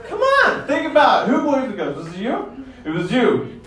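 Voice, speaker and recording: High-voiced man doing stand-up in an echoey club. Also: huge pitch swings, normal speed, distant mic, very noisy. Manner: rambling, laughs at his own jokes, crude asides. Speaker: stand-up comedian. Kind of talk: stand-up set. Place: comedy club in front of a crowd.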